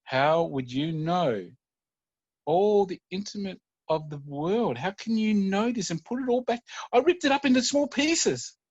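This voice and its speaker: A man playing a worn-out but gentle dad, speaking softly and reassuringly. The voice is dry and a little muffled. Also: fairly high pitch, lively intonation, slow, husky, no echo, pitched above the performer's own voice, heavily acted. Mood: amazed. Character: tired, kindly working father.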